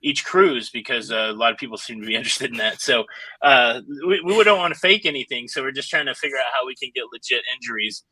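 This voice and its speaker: Guy with a super bright sharp voice, deadpan jokes, dry audio. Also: mid-range voice, quick pace, breathy edge, no room sound, poor audio. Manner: joking, deadpan asides, many fillers. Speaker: cruise YouTuber guest. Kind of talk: casual live stream chat.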